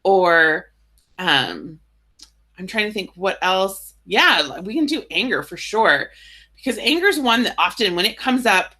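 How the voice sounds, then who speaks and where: Woman, tapping guide; bright, clear tone; casual explainer who slows into gentle affirmations. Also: mid-range voice, animated. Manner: casual, uses "right?" and "like" often.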